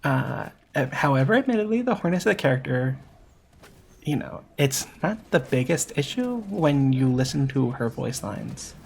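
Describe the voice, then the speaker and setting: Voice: medium pitch, very animated, normal speed, vocal fry, slight background noise. A VTuber commentator giving an opinionated monologue critique of a game. The speaker stresses points by repeating them and often corrects themselves mid-sentence with filler words.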